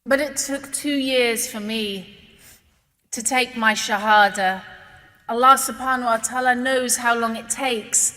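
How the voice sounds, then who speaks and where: A British woman from England giving an earnest, emotional testimony to an audience, moving between hushed words and emphatic declarations. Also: on the high side, fairly even intonation, a little slow, big-room sound. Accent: British English.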